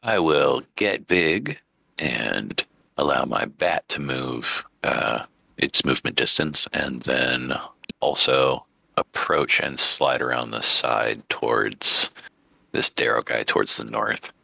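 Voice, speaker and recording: A man with an extremely deep, gravelly voice plays a tabletop game and asks about the map. His tone is sharp and forceful. The sound is dry. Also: slow pace, no room sound. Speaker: player. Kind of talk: casual tabletop play.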